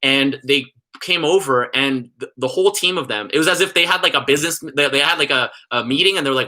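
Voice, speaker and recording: A man's voice: on the high side, brisk, bright, forceful tone. A young man telling a long, rambling story in casual chat, filling his talk with "like" and "you know". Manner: rambling, heavy use of "like". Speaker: vlogger.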